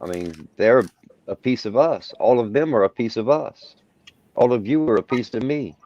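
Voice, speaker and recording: A man's voice: mid-range voice, lively intonation, normal speed, dark tone, no echo. A man on a panel musing philosophically, stammering and repeating words. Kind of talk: casual chat. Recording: dull, dry stream audio.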